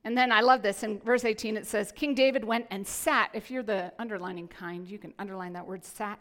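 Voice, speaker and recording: A woman pastor preaching a sermon in an animated, playful way, often restarting her sentences. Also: medium pitch, a little fast, in a large hall.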